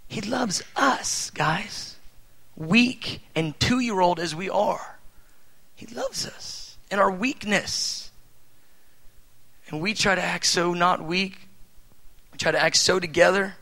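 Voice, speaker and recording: A man in his thirties preaching a sermon in an animated way, with rhetorical questions and bursts of loud emphasis. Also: high voice, takes it slowly, creaky, pauses often, rough recording.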